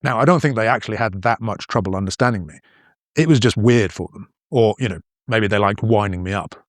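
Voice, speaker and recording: A man from northern England with a softened northern accent, hosting an educational podcast in measured scripted narration. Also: on the low side, no room sound. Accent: softened northern English. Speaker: podcast host.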